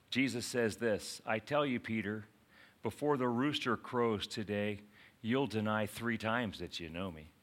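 A man preaching a sermon in an animated way, acting out quotes and asking the congregation questions. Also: fairly low pitch, slow, pauses often. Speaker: pastor.

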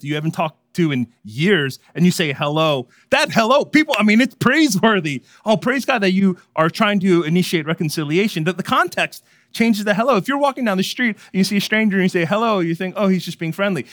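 A man's voice: sits high, fairly bright tone, dry recording, studio quality. Conversational man preaching a sermon. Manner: conversational, humorous preaching with frequent asides and chuckles. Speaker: pastor.

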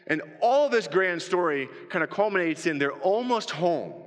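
A man preaching a sermon, animated, acting out scenes from a movie with pleading shouts. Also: high voice, moderate pace, long reverb tail. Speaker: pastor.

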